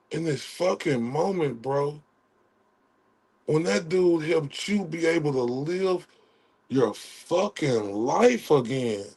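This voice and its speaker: A man hosting a livestream, ranting in a heated, profane way and swinging between loud outrage and quiet apologies. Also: on the high side, breathy edge. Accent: Southern US. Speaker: livestream host.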